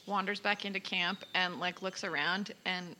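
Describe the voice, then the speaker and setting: A woman player narrating her character's actions softly in a casual tabletop game. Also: lowish voice, steady tone, moderate pace, a little hiss or hum, poor audio.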